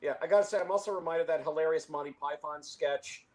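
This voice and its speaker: A man's voice: on the high side, fast talker, darkish tone. A man in a casual film discussion, talking at length with frequent restarts and chuckles. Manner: rambling, many restarts, chuckles. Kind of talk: casual conversation.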